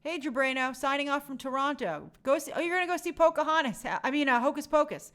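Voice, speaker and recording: A woman's voice: high-pitched, lively intonation, fast talker, fairly bright tone. A young woman hosting a live stream, chatting casually and reading out viewer comments in a friendly, chatty way. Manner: chatty, friendly, reads names aloud.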